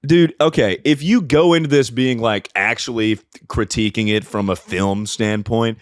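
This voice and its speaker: A man's voice: mid-range voice, moderate pace, no room sound, studio quality. A man co-hosting a casual comedy podcast, ranting profanely and breaking into mocking voices. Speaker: podcast co-host.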